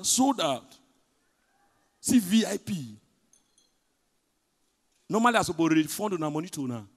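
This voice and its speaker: A man with a Nigerian accent performing a stand-up comedy set in pidgin, telling stories with big swings between loud punchlines and hushed asides. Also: sits high, big pitch swings, unhurried, long pauses. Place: large hotel event hall. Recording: live hall reverb.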